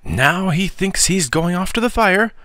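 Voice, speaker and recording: A man voicing a fretful, anxious middle-aged aunt who scolds in a shrill voice. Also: sing-song, normal speed, sharp tone, no echo, clean studio sound, heavily acted. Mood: resolute.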